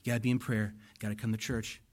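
A man's voice: fairly low pitch, little pitch movement, quick pace, a little mellow. A man preaching a sermon as pastor, earnest and pleading, repeating lines for emphasis and getting emotional.

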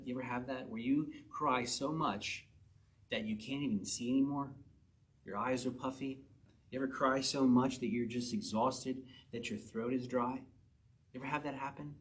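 A man leading a Bible study who reads the verses slowly and with emphasis, then explains them in a relaxed, chatty way, often asking his listeners questions. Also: mid-range voice. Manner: asks the listeners frequent rhetorical questions. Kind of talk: conversational verse-by-verse Bible teaching.

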